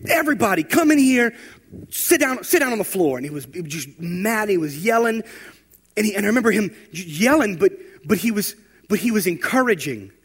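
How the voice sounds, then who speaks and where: A man preaching a sermon, telling stories and building to loud, emphatic exhortation. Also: fairly high pitch. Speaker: pastor.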